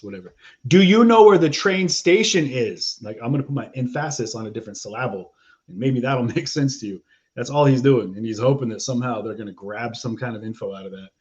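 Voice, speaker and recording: Chatty low-voiced male commentator. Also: warm tone. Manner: chatty, laughing, many fillers and restarts. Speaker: livestream commentator. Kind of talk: casual commentary over clips. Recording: dull lo-fi audio.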